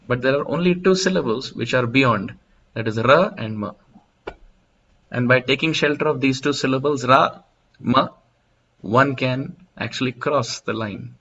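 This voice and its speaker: A man delivers a devotional lecture, unfolding a story step by step in a clear, forceful, bright tone. His pitch sits in an ordinary middle range. The recording is dull and lo-fi, as if taken in a temple hall. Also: a little hiss or hum. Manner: storytelling, explanatory, with soft laughs.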